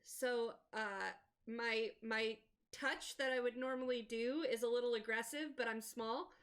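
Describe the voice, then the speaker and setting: Woman, tabletop player, fairly high voice, casual, chatty. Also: fairly even intonation, unhurried, fairly bright tone. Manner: chatty, reads rules aloud. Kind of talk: casual tabletop game play.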